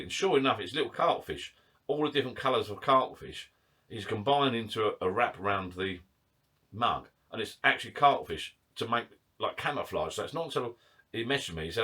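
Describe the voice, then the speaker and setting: A man's voice: lowish voice, animated, brisk, sharp tone. A man chatting casually to camera in his garden shed bar, rambling, self-mocking and a little out of breath. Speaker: vlogger.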